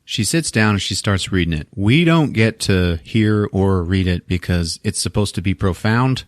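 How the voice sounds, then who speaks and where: A man with a fairly low voice tells a movie's plot in a loose, comic way and jumps into voices for each character. His pitch swings widely as he goes. The sound is close and dry, with no room around it. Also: normal speed, no echo. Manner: animated, swearing, acting out characters in put-on voices. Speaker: podcast host recapping a film. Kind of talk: casual comedic movie recap.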